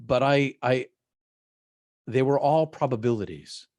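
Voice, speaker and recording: A man, a guest in an interview, telling a personal story in a halting way, often repeating his words. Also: mid-range voice, darkish tone, no room sound.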